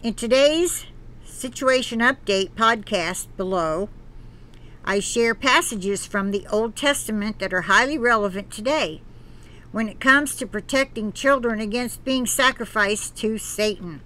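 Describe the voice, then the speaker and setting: A woman's voice: fairly high pitch, pushed and bright. A woman hosting her own channel, reading an article aloud and breaking off into earnest, preachy comments. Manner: earnest, preachy asides between read passages; halting, with restarts. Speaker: channel host.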